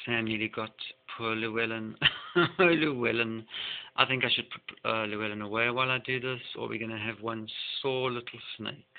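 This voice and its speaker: A man with a gravelly, creaky voice chats casually in a home vlog. He keeps getting sidetracked and breaks off to talk to his pets. His voice comes through a tinny, lo-fi computer mic. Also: medium pitch. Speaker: video blogger reading song lyrics. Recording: tinny lo-fi phone-like sound.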